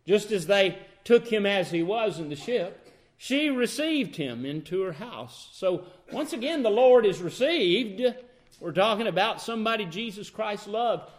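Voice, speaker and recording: Preacher guy, high voice, swoops all over, keeps asking the crowd questions. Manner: emphatic, rhetorical questions to the congregation. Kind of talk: sermon.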